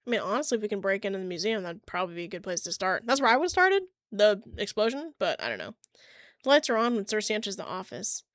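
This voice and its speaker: A woman reading a visual novel aloud, voicing its characters herself and stopping to chat about the game. Her voice jumps up in pitch when she exclaims. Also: animated, quick pace, no room sound, clean studio sound. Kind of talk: casual reading and commentary on a game.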